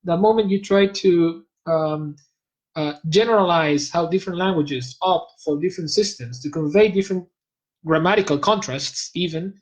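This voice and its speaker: A man whose first language is Spanish, speaking as a guest expert in an academic talk. He explains things in a measured, lecturing way and pauses to search for terms. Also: a little high, low-quality recording.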